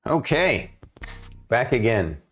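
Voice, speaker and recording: A man's voice: mid-range voice, big pitch swings, takes it slowly, fairly bright tone, slightly rough, faint music behind. A man acting as game master on a live stream, chatting casually with laughs and stammered restarts.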